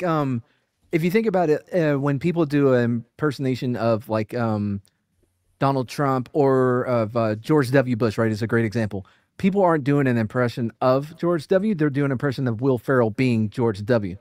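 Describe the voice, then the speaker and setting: A man's voice: medium pitch, normal speed, a little mellow, no room sound, clean studio sound. A man co-hosting a podcast in casual chat, rambling with fillers and joking. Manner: rambling, fillers, swears, jokes. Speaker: podcast co-host.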